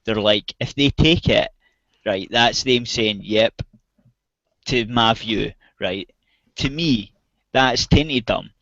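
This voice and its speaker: A man's voice: mid-range voice, slow pace, long pauses, fairly bright tone, dry recording. A man from outside the US, ranting angrily and swearing heavily in a casual chat. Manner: angry, heavy swearing, ranting. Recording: dull, dry voice-chat audio.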